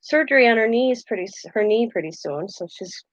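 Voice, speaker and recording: A woman's voice: a little high, expressive, brisk, no echo, highs cut off. An older woman chatting casually on her live craft stream, laughing often and acting out quoted voices. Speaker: craft channel host.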